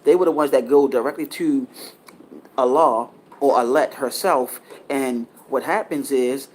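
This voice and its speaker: A man's voice: medium pitch, a little slow, slight background noise. A man giving a casual spiritual talk, earnest and lecturing, rambling and often restarting his sentences. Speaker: spiritual teacher.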